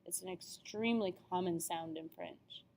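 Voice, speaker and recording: A woman's voice: fairly low pitch, moderate pace, a little mellow, a little hiss or hum. A young adult woman teaching an introductory language lesson, upbeat and careful over pronunciation. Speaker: French teacher. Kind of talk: classroom lesson video.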